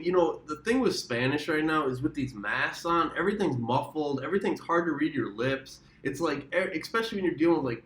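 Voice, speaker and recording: A man's voice: a little high, pushed and bright. A man from the United States telling a rambling, profane travel story in a casual vlog, often correcting himself mid-sentence. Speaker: travel vlogger. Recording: roomy echo.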